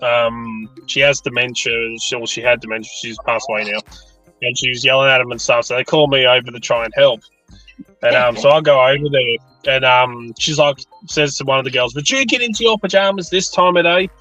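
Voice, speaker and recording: A man's voice: medium pitch, brisk, no echo, lo-fi sound, faint music behind. A man, an aged care worker telling funny work stories in casual chat and acting out the voices he quotes. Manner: animated, acts out quoted voices.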